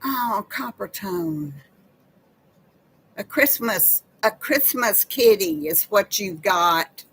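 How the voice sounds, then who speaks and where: A woman's voice: mid-range voice, animated, slow, a bit bright, slightly rough, poor audio. A woman, hosting a casual live chat with viewers in a folksy, chatty way. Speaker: live-stream host.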